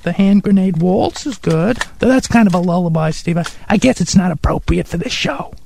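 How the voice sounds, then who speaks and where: A performer voicing Harry, an eccentric, excitable male music snob who talks in a pompous, condescending way in a comedy radio sketch. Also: mid-range voice, a little fast, gravelly, slight background noise, lightly acted. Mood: patronizing. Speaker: regular sidekick character.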